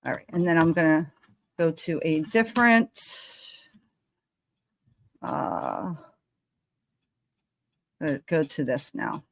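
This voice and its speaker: A woman on a live stream thinking aloud in a halting way as she goes over a timeline. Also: low voice, animated, gravelly, no echo.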